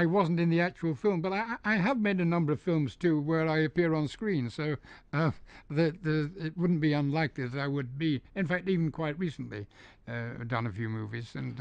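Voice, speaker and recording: A man's voice: on the high side, dry recording. Older Englishman with a polished mid-Atlantic accent. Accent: neutralized English, mid-Atlantic. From north of England. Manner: storytelling, hesitant with frequent ums and restarts. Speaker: interviewee, dubbing studio founder. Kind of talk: relaxed anecdotal interview. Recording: dull, dry lo-fi recording.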